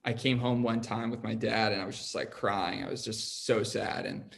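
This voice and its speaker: A man's voice: on the low side, steady tone, moderate pace, gravelly, fairly bright tone, a little hiss or hum. A young adult man hosting a podcast, telling his own story in a casual, rambling way, with lots of "like" and an earnest tone. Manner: rambling, heavy use of "like", earnest.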